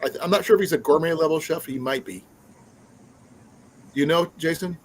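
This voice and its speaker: A man's voice: a little high, brisk, a little hiss or hum, low-quality recording. A man hosting a casual live stream, chatting in a rambling way with many fillers and restarts. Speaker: livestream host.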